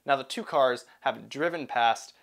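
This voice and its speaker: A young man narrating a personal story in an animated, self-deprecating way. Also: mid-range voice, unhurried, gravelly.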